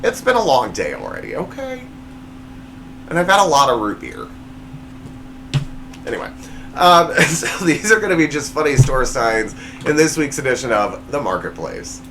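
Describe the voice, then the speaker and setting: A man's voice: wildly swooping pitch, moderate pace, pauses often, noisy background. A man hosting his own comedy show, reading joke punchlines with playful swings in his voice. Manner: jokey, reads punchlines with big pitch swings. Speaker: show host. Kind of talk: comedy monologue.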